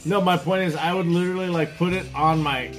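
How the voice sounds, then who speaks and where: A man co-hosting a podcast, telling stories in a rambling, animated way over casual chat. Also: high voice, brisk, faint music behind. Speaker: podcast co-host.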